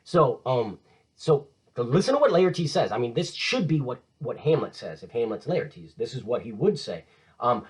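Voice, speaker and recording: A man's voice: medium pitch, big pitch swings, moderate pace, slightly rough, low-quality recording. A man teaching a casual literature lesson, enthusiastic and conversational, retelling scenes in modern slang.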